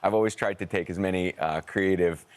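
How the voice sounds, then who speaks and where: A man's voice: deep voice, steady tone, fairly quick, clear, resonant tone. A middle-aged American man, an actor, chatting as a guest on a TV show and telling a long story with restarts and acted quotes. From United States. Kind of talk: casual TV interview chat. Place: TV studio.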